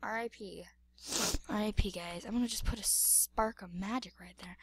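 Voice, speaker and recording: A woman's voice: medium pitch, steady tone, a little slow, creaky, long pauses, husky, no echo. A woman giving playful, dramatic gameplay commentary, exclaiming and repeating words. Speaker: gamer.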